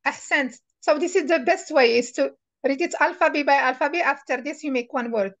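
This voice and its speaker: A woman with a high, light voice guides a beginner through a reading lesson as a tutor. She is patient and repeats each word slowly and clearly so the learner can copy it. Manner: patient, repeats words slowly to model pronunciation. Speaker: Arabic tutor.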